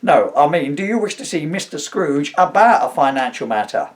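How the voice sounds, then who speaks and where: Older guy putting on a cheeky deadpan clerk, punny, bit higher voice. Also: normal speed. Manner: deadpan wisecracking, literal-minded. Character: cheeky, punning male clerk at the door.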